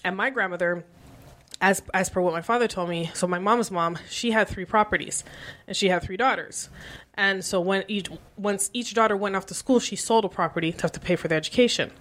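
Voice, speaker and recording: A woman from Canada talking casually about money on a podcast, emphatic and animated, with slang. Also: medium pitch, fairly quick. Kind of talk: casual chat.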